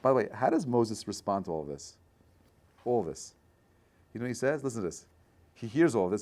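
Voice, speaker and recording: Animated rabbi man teaching a class. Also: lowish voice, fairly quick, long pauses. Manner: conversational, checks in with frequent "right?"; animated, builds to loud bursts. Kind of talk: informal Torah class talk.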